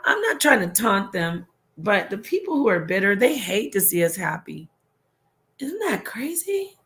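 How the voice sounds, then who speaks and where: A middle-aged woman hosting a casual livestream, reading her chat and talking warmly, often trailing off and restarting her sentences. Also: medium pitch. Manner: chatty, affectionate, trailing off and restarting. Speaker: livestream host.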